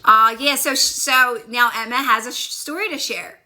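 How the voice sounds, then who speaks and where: Talking back to comments during a casual phone livestream, this woman works as a manifestation coach, upbeat and encouraging. Her voice sits on the high side, bright and pushed, with fairly even intonation and a normal speed.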